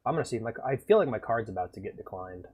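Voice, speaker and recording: A man streaming and reacting to videos in loose, profane casual chat, swinging between loud outbursts and mutters. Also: lowish voice, animated, rapid-fire, husky. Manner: loose and profane, bursts of laughter.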